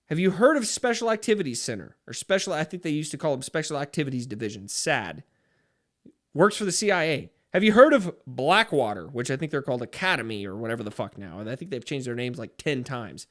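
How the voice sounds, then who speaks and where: A man's voice: medium pitch, big pitch swings, fairly quick. A man hosting a livestream, reading chat and ranting in a profane, fired-up way. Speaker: livestream host.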